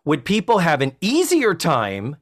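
A man co-hosting a comedy podcast, talking through his point earnestly and at length. His voice sits fairly high and moves with a lot of expression. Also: wildly swooping pitch, unhurried. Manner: earnest, explanatory, laughs often. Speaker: podcast co-host. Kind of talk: casual comedic chat.

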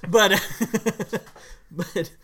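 A man co-hosting a podcast, talking casually about a film in long, animated runs full of "like.". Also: high-pitched, extremely slow. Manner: animated, slips into mock voices to quote characters; talks in long runs with many "like" fillers. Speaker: podcast co-host.

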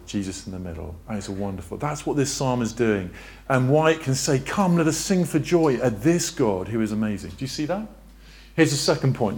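A man preaching a sermon in a church, lively and questioning, drawing on a board as he talks. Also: mid-range voice. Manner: lively, asks the congregation questions, draws on a board.

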